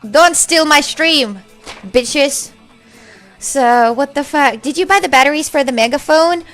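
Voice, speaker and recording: A young woman, streaming live and chatting casually with her chat, loud and swearing freely as she reads messages aloud. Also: high-pitched, measured pace, soft background music. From Russia. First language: Russian. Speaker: livestreamer.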